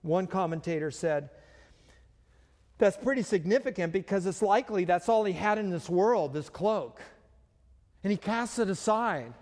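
High-voiced male pastor in a reverberant hall. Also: lively intonation, normal speed, a little mellow. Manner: conversational, with frequent fillers and restarts. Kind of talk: sermon.

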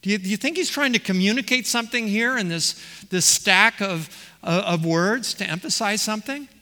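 In a large hall with long reverb, a man with a high, bright, forceful voice preaches an expository sermon at normal speed. He stresses words by repeating them and puts questions to the congregation.

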